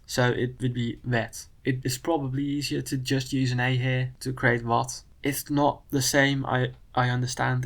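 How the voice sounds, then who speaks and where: Gravelly Dutch man, calm critique. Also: mid-range voice. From Netherlands. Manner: measured, matter-of-fact critique. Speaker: video creator. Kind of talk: commentary on a spelling video.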